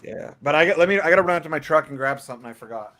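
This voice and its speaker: Animated profane man telling a story. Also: a little high, very fast. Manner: profane, animated, acts out quotes. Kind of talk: casual chat, storytelling.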